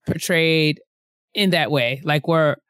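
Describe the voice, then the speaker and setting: A woman co-hosting a casual book discussion podcast, talking haltingly with many restarts and frequent laughter. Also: deep voice, fairly bright tone, smooth, no room sound, clean studio sound. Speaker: book club co-host.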